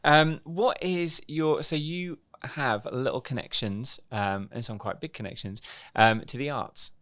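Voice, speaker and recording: A man's voice: mid-range voice, unhurried, a bit bright, no echo. A man hosting a podcast, asking easygoing questions in a casual interview. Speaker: podcast host.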